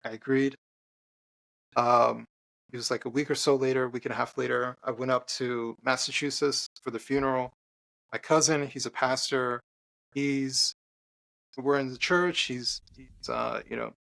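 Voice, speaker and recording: A man, a podcast guest and author, telling an earnest personal story in conversation, halting with restarts and fillers. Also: mid-range voice, fairly even intonation, gravelly, a bit bright.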